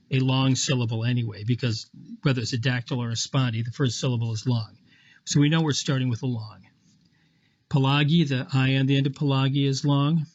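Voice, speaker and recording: Husky man teaching step by step. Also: mid-range voice, muffled recording. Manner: patient, step-by-step explaining with small self-corrections. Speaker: Latin teacher. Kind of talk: screen lecture walking through an example.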